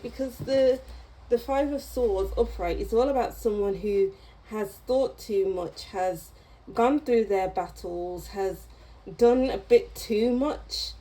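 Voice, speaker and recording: A woman's voice: on the high side, dark tone, poor audio. A woman giving a casual tarot reading to camera, chatty and meandering, with small laughs as she goes. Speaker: tarot reader.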